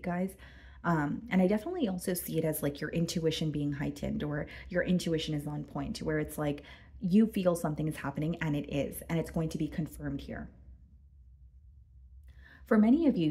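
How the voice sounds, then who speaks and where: A woman giving a casual tarot reading to her viewers, chatty and full of fillers, a bit hoarse and clearing her throat. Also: low voice, warm tone. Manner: chatty, addresses viewers as guys, many fillers. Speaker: tarot reader.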